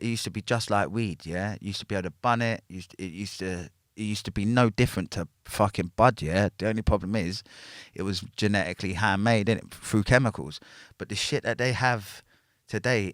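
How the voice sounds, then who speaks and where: A man's voice: on the low side, a little fast, fairly bright tone, no room sound, clean studio sound. A man, a podcast guest telling a story in casual talk, packed with slang and tags like "yeah?" and "innit". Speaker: podcast guest, former prisoner.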